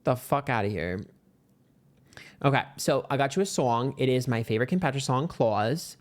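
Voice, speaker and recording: A man reads tarot cards in a loose, chatty way, at a middle pitch for a man. He is brash and sassy and swears freely. His voice leaps high whenever he wants to hammer a point home. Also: expressive, normal speed. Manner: swings into sudden high-pitched emphasis. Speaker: tarot reader. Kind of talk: casual pick-a-card tarot reading.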